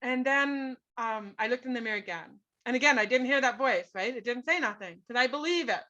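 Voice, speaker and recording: A woman's voice: a little high, fairly quick, pushed and bright. A middle-aged woman, a guest on an interview show, telling a personal story in an earnest, emphatic way and often checking in with "right?". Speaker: guest, author. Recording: dull lo-fi podcast audio.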